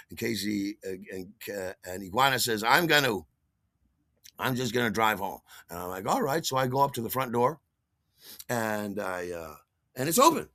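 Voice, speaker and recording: Male storytelling host, self-mocking and animated, gravelly, swinging pitch. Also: dry recording. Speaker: podcast host. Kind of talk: comic first-person storytelling.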